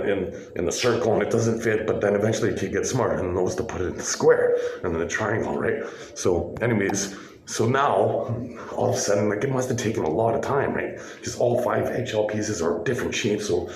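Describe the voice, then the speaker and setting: A man's voice: on the low side, a little mellow, echoey room, a little hiss or hum, low-quality recording. A man in a hospital room, talking to his phone camera in a rambling, profane, insistent monologue that keeps checking "right?". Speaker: vlogger.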